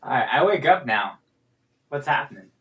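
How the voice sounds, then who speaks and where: A man's voice: mid-range voice, very animated, normal speed, fairly bright tone, distant mic. A man playing in a tabletop game, chatting casually in a jokey way. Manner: jokey, laughing. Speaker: player.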